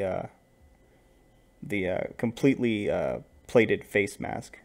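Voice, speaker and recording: Laid-back low-voiced man running a game. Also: slow pace, gravelly, long pauses. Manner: relaxed, rambling narration with fillers. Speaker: game master. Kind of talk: narrating a tabletop game.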